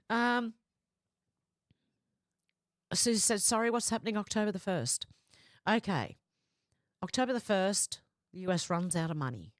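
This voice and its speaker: A woman's voice: mid-range voice, unhurried, pauses often, dry recording, studio quality. A woman hosting a live stream, reading viewers' comments aloud and chatting back to them casually. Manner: chatty, reads comments in a flat running voice with asides.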